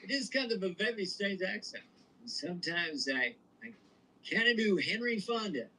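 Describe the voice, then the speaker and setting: A man's voice: high-pitched, moderate pace, slightly rough, low-quality recording. A man from Montana, co-hosting a podcast, telling stories in casual chat and slipping into old-timey voices. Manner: animated storyteller, slips into old-timey voices. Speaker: podcast co-host.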